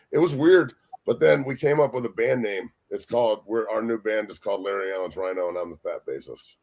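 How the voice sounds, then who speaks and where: A man, a former pro football player, telling profane, animated stories as a guest on a sports talk show. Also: medium pitch, a little fast, vocal fry. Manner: profane, animated, acts out quotes.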